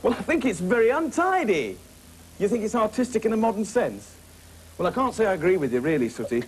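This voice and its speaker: A man hosting a children's puppet show, playing a brisk, jovial teacher who scolds his puppets. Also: high-pitched, very animated, a little hiss or hum.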